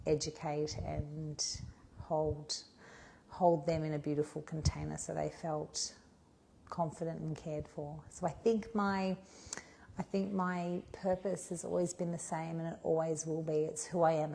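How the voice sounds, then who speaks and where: A middle-aged woman coach, chatty and self-mocking, talking through purpose prompts and then gently guiding a yoga class. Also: deep voice, creaky, slight background noise. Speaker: yoga and body confidence coach. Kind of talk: talk and guided yoga class.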